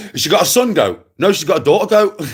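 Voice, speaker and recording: Speaking to camera with a West Midlands accent, a man vlogs in a casual rant full of taunts, repeated jibes, and sudden laughs. He sounds a little high-pitched, slightly bright, and husky.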